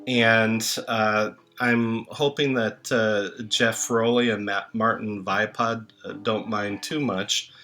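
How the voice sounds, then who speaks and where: A man speaking a memorial tribute, slow and halting with many filler pauses, songs playing in the background. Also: on the low side, steady tone. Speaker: channel host reading tributes. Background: soft music.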